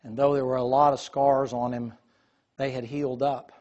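A man telling a lively story in a sermon, acting out the voices of the people in it. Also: mid-range voice, moderate pace, dull audio. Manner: animated storyteller, quotes voices.

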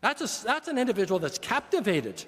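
A man's voice: high-pitched, very animated, brisk, fairly bright tone, breathy edge. An older man preaching a sermon as pastor, earnest and emphatic, building points through repetition. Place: church sanctuary. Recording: long church reverb.

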